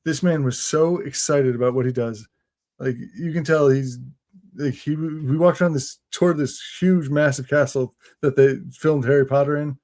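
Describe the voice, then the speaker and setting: A man's voice: fairly high pitch, fairly even intonation, normal speed, a little mellow. A young man co-hosting a casual comedy chat show, telling rambling stories and laughing as he goes. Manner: storytelling, laughing often, dropping into silly voices. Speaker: co-host.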